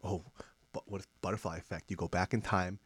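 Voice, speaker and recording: A man's voice: low voice, slightly rough, no echo. A man co-hosting a podcast, telling stories in a casual chat and often checking in with "right?". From small town. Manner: fast, animated storytelling with rhetorical "right?". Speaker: podcast co-host.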